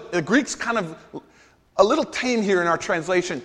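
A man's voice: high-pitched, brisk. A man preaching a sermon as pastor, earnest and emphatic, asking the congregation rhetorical questions. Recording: long hall reverb.

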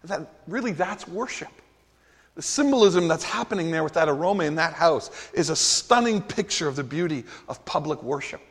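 A man's voice: a little high, lively intonation, moderate pace, slightly rough. A man preaching a sermon as pastor, earnest and emphatic, asking the congregation rhetorical questions. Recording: long hall reverb.

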